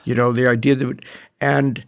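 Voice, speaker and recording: Halting, reflective older man. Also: medium pitch, flat delivery. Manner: reflective, halting, many restarts. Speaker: guest, longtime show producer. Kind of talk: casual conversation.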